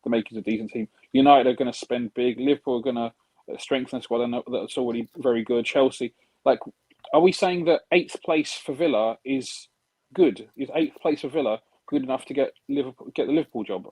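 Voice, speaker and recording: A man's voice: medium pitch, brisk, a little mellow, slightly rough, no echo, low-quality recording. A man on a casual panel chat, reasoning hesitantly with frequent restarts.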